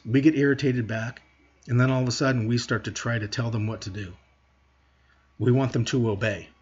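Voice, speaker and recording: A man with a husky, slightly breathy voice teaches parents in an earnest monologue. He talks straight to them and poses rhetorical questions. The recording sounds dull and lo-fi. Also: medium pitch. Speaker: parenting educator.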